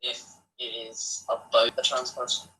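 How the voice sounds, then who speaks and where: A man's voice: mid-range voice, completely flat delivery, unhurried, sharp tone. A man chatting casually, replying briefly and with questions. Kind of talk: casual chat. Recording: distant mic with faint background noise.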